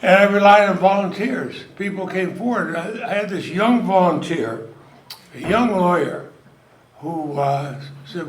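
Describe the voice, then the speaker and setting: A man's voice: high-pitched, expressive. An older man, a retiring senator, giving a rambling, self-deprecating anecdotal speech to an audience at an event. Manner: rambling storyteller, self-deprecating humor, frequent pauses. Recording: echoey hall, noisy crowd. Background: audience laughter and room noise.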